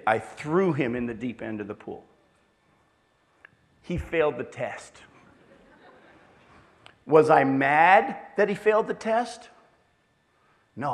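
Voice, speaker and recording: Middle-aged male pastor, sermon storyteller, somewhat high voice, self-deprecating wit.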